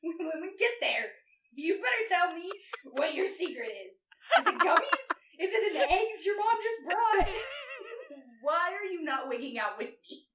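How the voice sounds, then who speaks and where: A woman with a high, bright voice tells a story with lively swings in pitch. She swears freely and laughs between lines. The sound is roomy and echoey, picked up from a distance. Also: measured pace, background noise. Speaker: guest recapping a novel. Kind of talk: casual podcast chat. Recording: roomy echo, distant mic.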